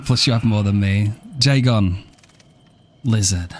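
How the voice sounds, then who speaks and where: A man's voice: fairly low pitch, slow, a little mellow. A man live-streaming a game, chatting casually and playfully, joking and thanking viewers by name, with casual swearing.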